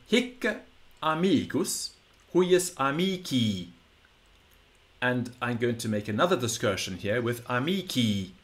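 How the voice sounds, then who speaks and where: English-speaking guy giving a lesson, patient and rambly, stretches out example words slowly, medium pitch. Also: a bit bright. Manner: patient, digressive explaining with slow drawn-out model words. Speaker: Latin teacher. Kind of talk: explanatory audio lesson.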